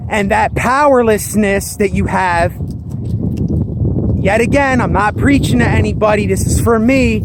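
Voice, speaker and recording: A man's voice: high voice, heavy background noise. A man talking earnestly and emphatically in a personal vlog, circling back to his points. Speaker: vlogger.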